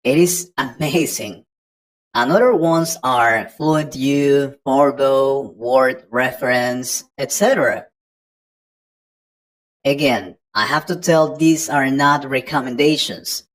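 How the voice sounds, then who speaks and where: A woman's voice: very deep voice, slow pace, rough recording. A woman giving an online English pronunciation lesson, patiently explaining step by step to the learner. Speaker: English teacher.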